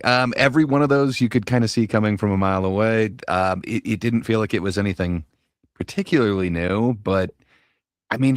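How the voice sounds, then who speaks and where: A man's voice: lowish voice, no room sound, studio quality. A man hosting a casual panel chat, talking hesitantly, with lots of fillers, and laughing easily. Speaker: panel host.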